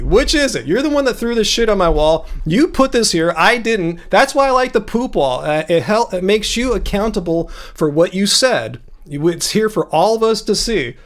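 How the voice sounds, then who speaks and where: A man's voice: high-pitched, animated, moderate pace. A man hosting a livestream, confronting a commenter from chat and pressing him to make his point, speaking into a home desk mic. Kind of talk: casual live-stream debate.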